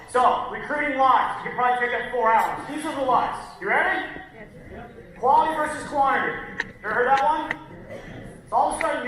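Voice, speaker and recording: A man giving an energetic, punchy motivational talk on stage, speaking directly to the crowd in a large hall. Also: very high-pitched. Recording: echoey hall from far off, faint noise.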